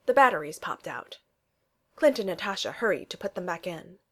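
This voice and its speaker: A woman narrating a storybook with a lively, swinging pitch. She reads in an animated way, bringing the story's scenes to life. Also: normal speed. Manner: animated reading with voiced dialogue. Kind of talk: storybook read-aloud.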